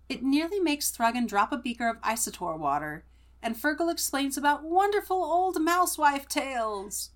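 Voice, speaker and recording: Woman podcast co-host, lively swooping voice, fairly high, chatty book summary. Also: normal speed. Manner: animated, laughing, chatty. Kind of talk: casual book-club chat and summary.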